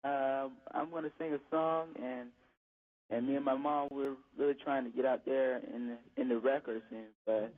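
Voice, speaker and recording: A man's voice: mid-range voice, steady tone, moderate pace, phone-quality sound. A man calling into a stream, earnestly announcing he will sing. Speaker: caller. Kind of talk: singing caller on a call-in segment.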